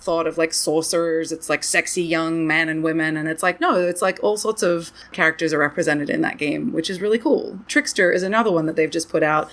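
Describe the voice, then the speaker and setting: A young woman with a somewhat low voice chats casually as a podcast co-host. She talks animatedly, scatters "like" through her sentences, and her pitch jumps up when she gets excited. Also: brisk, few pauses. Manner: animated, chatty, many "like" fillers. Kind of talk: casual chat.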